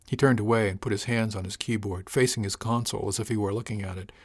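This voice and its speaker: Low-voiced man narrating a first-person audiobook. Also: fairly even intonation, fairly quick.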